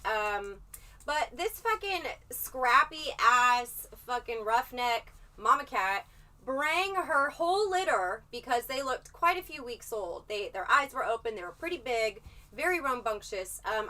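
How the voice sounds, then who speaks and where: Bright, sharp-toned woman streamer, far from mic. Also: a little high, normal speed. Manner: profane, rambling, animated storytelling. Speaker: livestreamer. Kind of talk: casual livestream chat.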